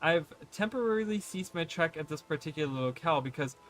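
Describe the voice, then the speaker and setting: A man's voice: a little high, expressive, fast talker, fairly bright tone. A man voicing a haughty, rude male wanderer who talks in fancy words, reading the lines aloud and stumbling on long words.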